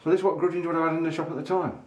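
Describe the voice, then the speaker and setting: A man's voice: on the high side, little pitch movement, rapid-fire, dull audio. A man vlogging, chatting enthusiastically to camera in a pipe maker's showroom. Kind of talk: casual showroom chat to camera.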